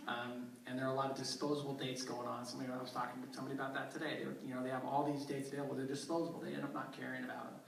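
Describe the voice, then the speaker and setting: A man co-hosting a lively talk show panel, teasing guests. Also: medium pitch, racing, gravelly, few pauses, a little hiss or hum. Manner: teasing, excitable. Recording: echoey room from far off, audience. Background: studio audience.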